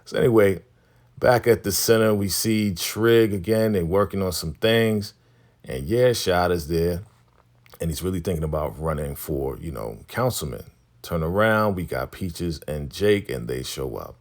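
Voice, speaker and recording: Speaking a little slowly in a low-sitting voice, this male TV recap vlogger walks through an episode in a relaxed, chatty way, summarizing scenes and paraphrasing what characters say.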